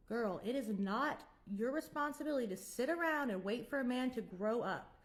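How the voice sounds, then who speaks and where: A woman's voice: on the high side, normal speed, hardly any pauses. A woman in her twenties telling her own story frankly and giving blunt advice, rambling at times. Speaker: vlogger. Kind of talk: candid personal storytelling with advice.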